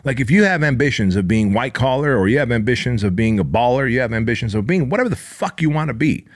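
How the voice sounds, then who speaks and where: A man's voice: mid-range voice, expressive, quick pace. A man in his forties hosting a podcast, giving a blunt, profane motivational monologue with heavy emphasis. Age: 40s. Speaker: podcast host.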